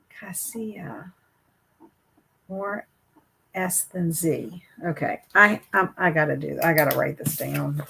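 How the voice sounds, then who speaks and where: A woman hosts a casual book livestream and chats with her viewers. Her voice sits a little low, and her manner is chatty and hesitant, with many fillers and restarts. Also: gravelly. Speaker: booktube host reading live chat.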